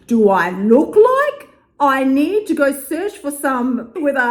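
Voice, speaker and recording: A woman coach tells a story in a casual monologue. Her pitch sits fairly high and swings widely as she goes. She swears freely and laughs as she talks. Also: slow pace. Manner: animated, swears often, laughs between lines. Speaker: weight loss coach.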